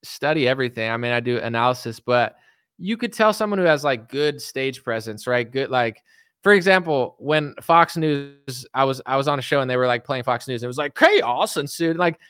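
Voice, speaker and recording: A man streaming casual commentary, talking animatedly with lots of "like" and quick jumps into mock voices. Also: medium pitch, animated, a bit bright, smooth, no room sound, studio quality.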